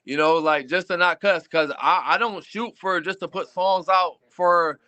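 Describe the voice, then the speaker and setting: A high-voiced man in his thirties from Detroit, guesting on a podcast as a rapper. He talks emphatically in casual chat and keeps leaning on "you know what I'm saying.". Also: moderate pace, bright, forceful tone, no room sound, muffled recording. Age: 30s.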